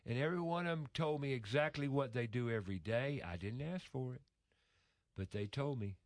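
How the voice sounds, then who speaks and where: A man's voice: medium pitch, brisk, no echo, studio quality. A man speaking in a casual conversation, telling an emotional story earnestly with frequent restarts.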